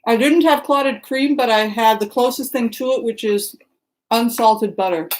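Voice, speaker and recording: Her voice runs a little high with a darkish tone, and she speaks at a moderate pace over a rough recording. She's a middle-aged livestream host from the Seattle area in Washington, greeting viewers by name in loose, rambling chat.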